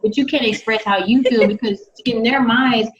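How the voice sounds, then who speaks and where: A woman in a casual podcast discussion who lays out her points in a measured, lecturing way. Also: on the high side, fairly even intonation, lo-fi sound. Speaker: podcast co-host.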